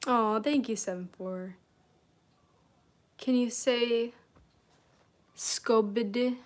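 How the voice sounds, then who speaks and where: A woman from Michigan chatting on a livestream at home, giving self-help advice and reading comments, laughing often and filling with "you know.". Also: mid-range voice. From Michigan, USA. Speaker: self-help mentor streamer. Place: at home, room with candles and incense.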